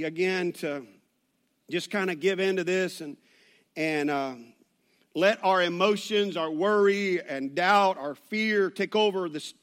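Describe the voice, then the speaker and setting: A man's voice: high-pitched, a bit bright. A man preaching a sermon in a church, conversational with joking asides and rambling restarts. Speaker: pastor.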